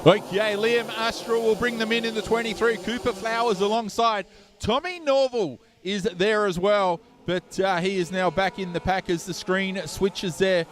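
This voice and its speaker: Man, race commentator, high voice, brisk play-by-play, outdoor trackside. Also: steady tone. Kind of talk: live motorsport commentary. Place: trackside at an outdoor dirt kart circuit.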